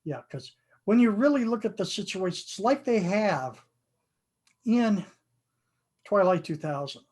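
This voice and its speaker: A man's voice: high voice, darkish tone, slightly rough. Earnest older American man, reflective. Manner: earnest, reflective, drawls and repeats himself. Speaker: interview guest, game author. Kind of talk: conversational interview.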